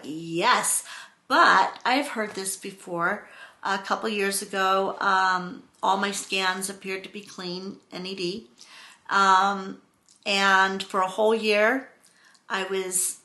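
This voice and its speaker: A middle-aged woman telling a story to her camera in an unhurried, drawn-out way, rambling and expressive. Her voice is bright and forward. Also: medium pitch. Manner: rambling, expressive, acts out quotes with exclamations. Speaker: vlogger.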